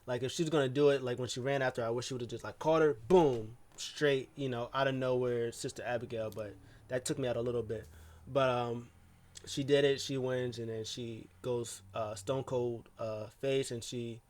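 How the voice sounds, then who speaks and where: A man talks through a wrestling show in a loose, casual recap. He rambles, stacks up fillers and restarts his sentences, and his voice sits at an ordinary middle pitch. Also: steady tone, normal speed, darkish tone.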